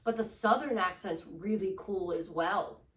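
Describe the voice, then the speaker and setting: A woman's voice: mid-range voice, unhurried, far from the mic. A woman from Chicago, a relationship life coach, giving an upbeat, gushing motivational vlog talk. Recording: echoey room, voice away from mic.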